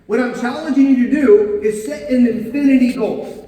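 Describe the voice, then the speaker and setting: Man, motivational speaker, very high voice, booming echo of a big hall, heard from a distance. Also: moderate pace. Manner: energetic, punchy, asks the crowd to answer back. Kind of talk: live motivational talk to an audience. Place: large hall with a live audience. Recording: echoey hall, voice far from the mic.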